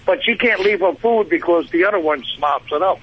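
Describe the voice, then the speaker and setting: A man's voice: high-pitched, brisk, dull audio, slight background noise. A man with a Brooklyn accent calling in to a radio show, a truck driver who talks in a rambling, chatty way. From New Jersey. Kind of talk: phone-in chat.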